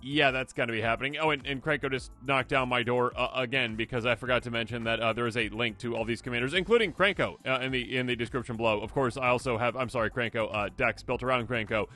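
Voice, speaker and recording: A man hosting a card game video, talking casually and excitably, slipping into quick imagined voices. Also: medium pitch, soft background music. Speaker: host.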